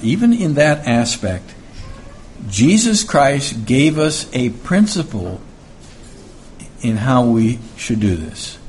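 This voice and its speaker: Male preacher, unhurried sermon delivery, mid-range voice, repeats phrases for weight, faint ambient hiss. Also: medium pitch, darkish tone. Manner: deliberate, repeats key phrases for emphasis. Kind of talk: sermon with scripture reading.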